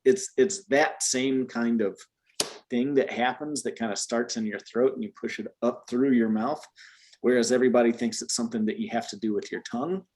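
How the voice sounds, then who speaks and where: A man's voice: medium pitch, fairly even intonation, moderate pace, darkish tone. A man from the United States teaching a beginner Spanish lesson, explaining patiently with frequent restarts. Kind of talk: one-on-one language lesson.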